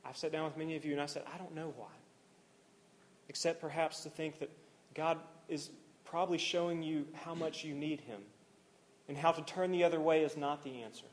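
A young male pastor delivers an earnest sermon in a slightly raised voice. He builds to swelling, emphatic passages, then drops to soft, near-hushed lines. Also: fairly high pitch, fairly even intonation, fairly quick, a little hiss or hum. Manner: earnest, swings from rising intensity to near-hushed softness.

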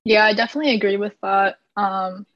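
A woman's voice: steady tone, a little fast, fairly bright tone, no echo. A woman in her twenties from Nebraska, a student guest who talks chattily with many likes. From Nebraska, USA. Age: 20s. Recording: dry, dull low-fi sound.

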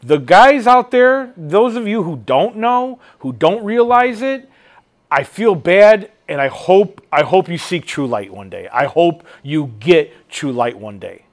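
Brief: high-voiced male podcast co-host, heated and rambling, lively pitch. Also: unhurried. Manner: heated, rambling, lots of fillers and restarts. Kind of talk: casual chat.

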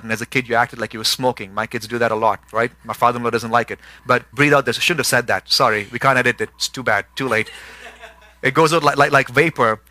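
A man's voice: medium pitch, bright, forceful tone, no echo. A middle-aged man preaching a sermon as pastor, repeating words for emphasis and building to emphatic intensity.

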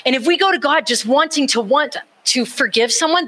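A woman preaching a live sermon in a casual, personal way, animated and conversational, with rising emphasis. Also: high voice, fairly quick, hardly any pauses.

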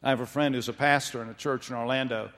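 A man giving a measured, emphatic sermon, slowing down when he reads scripture. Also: mid-range voice, steady tone, a bit bright. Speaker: preacher. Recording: long hall reverb.

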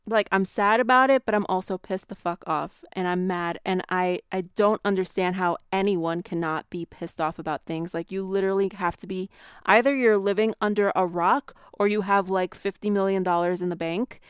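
A woman's voice: fairly low pitch, smooth, no echo, clean studio sound. A woman hosting her own solo podcast, ranting angrily with frequent swearing and fillers. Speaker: podcast host. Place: New York.

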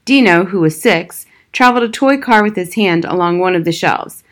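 A woman reading a children's novel aloud in measured, scripted narration. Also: lowish voice, expressive. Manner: measured storytelling. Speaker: audiobook reader.

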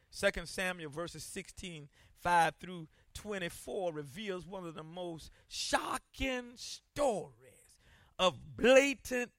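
A man preaching a sermon as pastor, swinging from hushed reading of scripture to shouted rhetorical questions. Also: high-pitched, no echo, studio quality.

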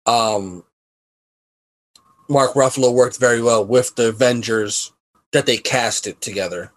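Male co-host, laid-back conversational tone, mid pitch. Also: unhurried, rough recording. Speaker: podcast co-host. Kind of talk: casual chat.

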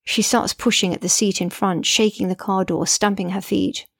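A woman's voice: medium pitch, fairly even intonation, moderate pace, creaky, no room sound, studio quality. A middle-aged woman, a mother, narrating her memoir in an earnest, reflective way.

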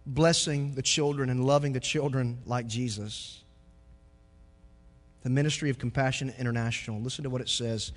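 A pastor preaching a sermon, moving from quiet reflection to loud, joking stretches. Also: male voice, medium pitch, steady tone, normal speed, big-room sound.

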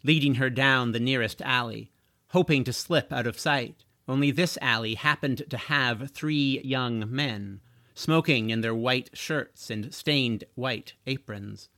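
A man narrating a chapter of a children's fantasy audiobook in a slow, expressive storytelling manner. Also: mid-range voice, no echo, studio quality.

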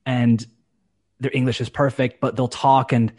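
A man's voice: medium pitch, unhurried, breathy edge. A man, an English teacher, chatting casually on a podcast and acting out quoted speech. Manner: animated, acts out quoted speech with shifting voices. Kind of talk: casual conversation.

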